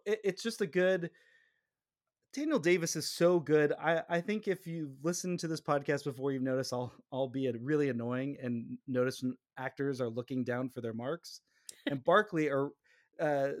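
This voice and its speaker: A man's voice: medium pitch, no echo, studio quality. A man from the United States co-hosting a podcast, talking casually, laughing often and restarting his sentences. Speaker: podcast co-host.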